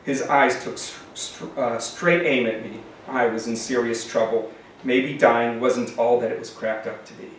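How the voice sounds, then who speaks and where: A man reading aloud from his own novel with expression, then summarizing it in halting speech with many fillers. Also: mid-range voice. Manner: expressive reading, halting and filler-laden when talking freely. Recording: echoey room, mic at a distance, faint noise.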